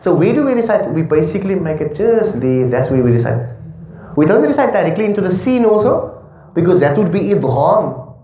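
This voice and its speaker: Male recitation teacher, higher voice with a mellow tone, keeps checking in with the class, dull echoey room recording. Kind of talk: classroom tajweed lesson.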